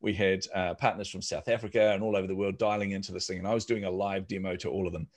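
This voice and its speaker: This is a man, sitting for a podcast as a startup founder. His voice sits fairly low, and he tells his stories casually, slipping into the voices of the people he quotes. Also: fast talker. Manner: animated, acts out quoted voices. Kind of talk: casual storytelling.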